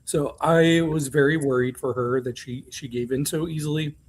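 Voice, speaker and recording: A man's voice: a little high, steady tone, moderate pace, slight background noise. A man co-hosting a podcast, recapping reality TV in a chatty, candid way with frequent ums and asides. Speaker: podcast co-host. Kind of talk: casual chat recapping reality TV.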